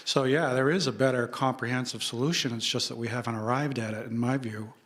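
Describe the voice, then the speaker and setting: A Canadian English-accented man argues his point in a live public debate. His speech stays in a narrow, even pitch band, and he stumbles and restarts often as he builds his case into a stage mic. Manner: halting, many restarts. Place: lecture hall with audience.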